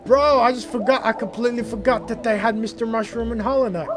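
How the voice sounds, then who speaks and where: A young man streaming a game, chatting casually and rambling, often getting worked up and loud. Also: very high-pitched, fairly even intonation, fast. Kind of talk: casual livestream gaming chat. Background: game music.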